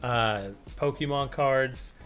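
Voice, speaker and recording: A man's voice: medium pitch, slow. A man co-hosting a podcast, telling a story in casual chat and acting out the quotes as he goes. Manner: animated storyteller, acts out quotes, swears freely. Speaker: podcast co-host.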